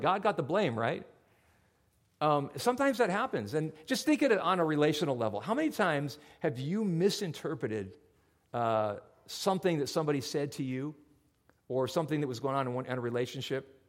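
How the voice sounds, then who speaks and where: Pastor guy giving a chatty sermon, voice a bit high, goes all over the place. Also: a little fast. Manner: animated, conversational storytelling.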